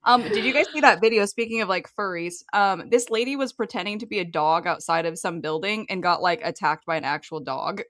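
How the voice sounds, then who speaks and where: A woman's voice: medium pitch, brisk, few pauses, fairly bright tone, no echo. A woman, a mother, chatting casually on a podcast, laughing often as she tells a story. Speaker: podcast guest. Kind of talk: casual chat.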